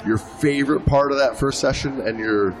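A man co-hosting a live podcast at a festival, loose and jokey, teasing his guests. His voice sits at an ordinary middle pitch, and clear music plays behind him throughout. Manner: jokey, teasing, drawn-out words. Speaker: podcast co-host. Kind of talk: casual interview chat. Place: live event booth at a film festival.

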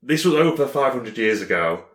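A man narrating as game master in a halting way, with many pauses and ums. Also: mid-range voice, sing-song, roomy sound.

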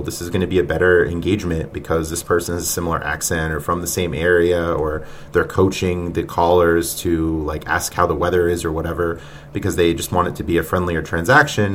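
A man's voice: sits low, slight background noise. A man hosting a podcast who reacts to clips in an exasperated, mocking way and laughs often. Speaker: podcast host.

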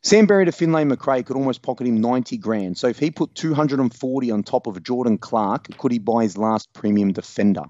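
A man's voice: mid-range voice, brisk, few pauses, mellow, dry recording, lo-fi sound. An Australian man co-hosting a podcast, ranting profanely and mocking a listener in crude sports banter. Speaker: podcast co-host. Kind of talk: crude fantasy football banter.

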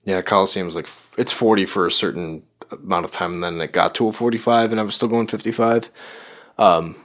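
A young man from Chicago telling a story in casual podcast chat, animated and full of profanity. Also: sits low, brisk. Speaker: podcast co-host.

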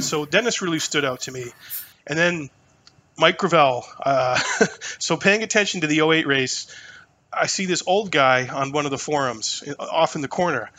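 Animated, swearing man telling stories. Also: on the high side, moderate pace, a little hiss or hum. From New Hampshire. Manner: animated, profane, lots of fillers. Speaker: podcast guest. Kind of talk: casual storytelling conversation.

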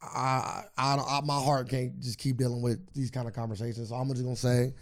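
A man speaks earnestly in casual podcast talk, hedging and restarting as he works through his thoughts. His pitch sits in the middle for a man. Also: normal speed, gravelly. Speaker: podcast co-host.

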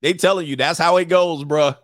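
A man hosting a live stream as a dating coach, ranting comically and acting out both sides of a story in quick voices, laughing often. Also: on the high side, fairly even intonation, a bit bright, no echo, studio quality. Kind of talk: casual comedic rant.

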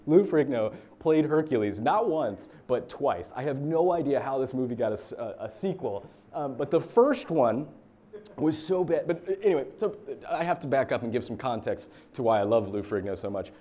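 A man's voice: medium pitch, expressive, fairly quick, a little mellow. A man in his thirties from the United States giving a casual, story-filled sermon as a pastor, with chatty fillers.

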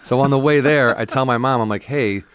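A man's voice: mid-range voice, fairly bright tone, smooth, no echo. A man, a stand-up comedian, telling stories on a podcast in a casual, profane way, often acting out the people in them. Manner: fast, profane, acts out voices in his stories. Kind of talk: casual storytelling chat.

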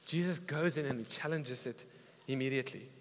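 A man preaching a sermon, retelling a story with animated, emphatic delivery. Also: medium pitch, brisk. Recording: reverberant hall with faint music.

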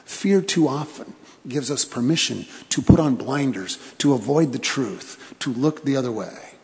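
A man pastor delivering a sermon in a church, telling stories with pauses for emphasis and repeated phrases. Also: medium pitch, animated, darkish tone. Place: church sanctuary. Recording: long church reverb.

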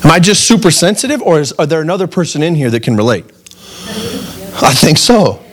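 A man's voice: on the high side, big pitch swings, fairly quick. A man in his thirties preaching a sermon in an earnest, conversational way, putting direct questions to his listeners. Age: 30s. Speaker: pastor.

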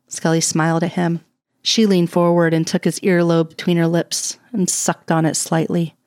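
A woman with a somewhat low voice narrates a romance story in a soft, even, intimate way. The sound is close and dry, with no room around it. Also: no room sound. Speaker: audiobook reader. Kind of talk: reading romance fan fiction aloud.

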